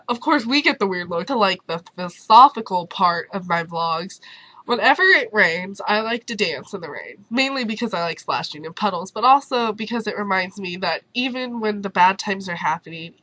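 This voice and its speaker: Young woman vlogger, hoarse from losing her voice, bright and bubbly, dry close sound. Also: medium pitch, no room sound, low-quality recording. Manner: bubbly, animated storyteller. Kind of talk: casual storytelling vlog.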